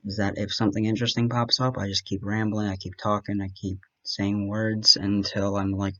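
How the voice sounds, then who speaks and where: A man's voice: on the low side, normal speed, hardly any pauses, lo-fi sound. A young man from Wisconsin with a light Wisconsin accent, rambling chattily and self-deprecatingly in a solo monologue, bantering with himself. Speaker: podcast host.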